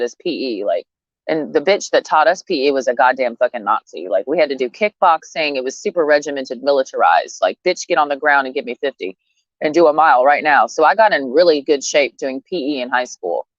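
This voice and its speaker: Blunt, low-voiced woman venting. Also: no room sound, muffled recording. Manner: blunt, profane, rambling. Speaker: vlogger. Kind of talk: casual rant to camera.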